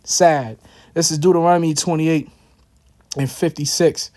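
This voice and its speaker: Man, slightly high voice, casual scripture commentary, slangy, many fillers. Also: fairly even intonation, a little slow, darkish tone. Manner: loose and slangy, many fillers and repeated asides. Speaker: religious teacher.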